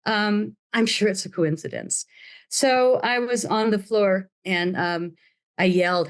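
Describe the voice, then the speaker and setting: A woman's voice: fairly low pitch, normal speed, clean tone. An older woman telling her story as an interview guest, dramatic and acting out the voices of others. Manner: dramatic, acts out quoted voices.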